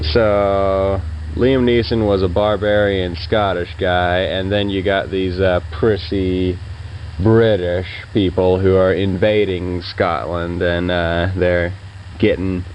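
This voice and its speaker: A deep-voiced man talks through his movie opinions in a loose, rambling way, stopping often for fillers. His verdicts are offhand and laid-back. A faint hiss of noise sits under the recording. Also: darkish tone, low-quality recording. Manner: rambling, hesitant, lots of fillers. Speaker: film reviewer. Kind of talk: casual spoken reviews.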